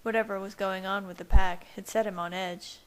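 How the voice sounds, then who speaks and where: A woman's voice: mid-range voice, steady tone, a little fast, smooth, low-quality recording. Woman narrating a fan story aloud. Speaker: fanfiction reader. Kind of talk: audiobook-style narration.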